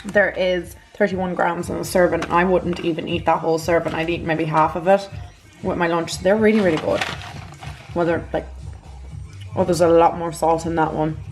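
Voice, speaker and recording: A woman's voice: lowish voice, level tone, normal speed, over music. A woman chatting casually in a vlog from a spare room at home, rambling and dropping into whispered asides. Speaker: beauty vlogger.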